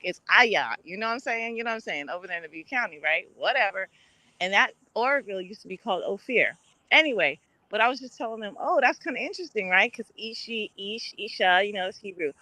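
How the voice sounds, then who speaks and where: Host: woman, bright and dry, casual live chat, animated storyteller who acts out the people in her stories. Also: mid-range voice, dry recording, rough recording. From Brooklyn, New York. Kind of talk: casual live-stream talk.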